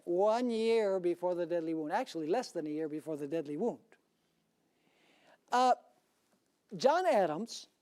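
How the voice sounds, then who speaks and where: A man's voice: sits high, a little mellow. Emphatic male pastor preaching. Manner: emphatic preaching with rhetorical questions to the audience. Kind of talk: sermon.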